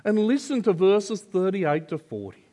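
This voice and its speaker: An older man preaching a sermon, slow and earnest, building to emphatic swells of conviction. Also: high voice, very animated, mellow. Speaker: pastor.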